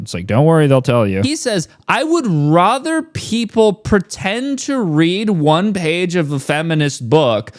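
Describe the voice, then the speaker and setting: Sarcastic, swearing man with a lively voice. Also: medium pitch. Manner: sarcastic, blunt, swears a lot. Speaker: reaction commentator. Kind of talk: casual ranting commentary.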